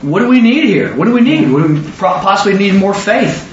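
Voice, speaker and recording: Man preaching a Bible study, high voice, quizzes the room, echoey dull recording from far off. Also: sing-song, a little hiss or hum. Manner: quizzes listeners with rapid questions. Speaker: Bible teacher. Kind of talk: interactive Bible study sermon.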